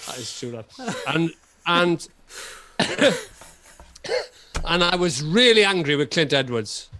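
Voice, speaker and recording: A middle-aged Welsh man, a comedian guest on a podcast, telling a comic story in an animated way and often repeating himself. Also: fairly high pitch, slow pace, crowd noise. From Wales. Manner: animated, repetitive storytelling with frequent laughter.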